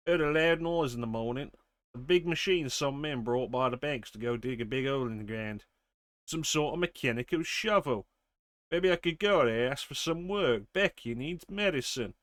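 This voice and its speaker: A man's voice: medium pitch, a bit bright, no echo, clean studio sound. Man streamer reading game notes aloud. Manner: reads steadily, then chats casually with fillers.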